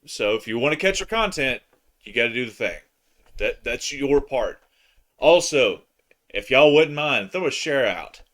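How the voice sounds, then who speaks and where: A man co-hosting a casual live stream, excitable and playful, with loud joking bursts. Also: mid-range voice, unhurried.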